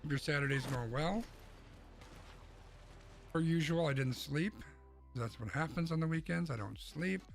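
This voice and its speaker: A man's voice: on the high side, unhurried, creaky, long pauses. A young man streaming from his home setup, chatting casually with his viewers while he plays a game through a mixer-fed mic. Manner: rambling, chatty, answers chat while playing. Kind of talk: casual gaming stream chat. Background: game music and game sounds.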